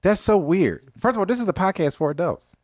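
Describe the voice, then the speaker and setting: A man co-hosting a podcast from his couch at home, reacting with animated disbelief and laughing asides. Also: high voice, a little fast, no room sound, clean studio sound. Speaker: podcast co-host. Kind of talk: casual chat. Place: living room couch at home.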